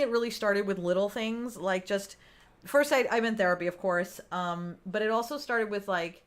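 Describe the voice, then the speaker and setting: A woman in her thirties chats casually with viewers on a live stream. She is animated and laughs often. She acts out her own thoughts in quoted bits. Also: mid-range voice. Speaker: livestream host.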